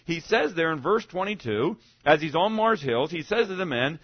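Man preaching, pastor, chatty sermon, asks the crowd questions, higher voice, dry muffled recording. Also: expressive, normal speed, few pauses, breathy edge, dry recording. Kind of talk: sermon on evangelism.

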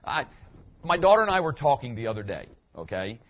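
A man's voice: mid-range voice, big pitch swings, fairly quick. Middle-aged male pastor, conversational sermon, questions to the congregation, muffled lo-fi sound. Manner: conversational preaching with audience questions.

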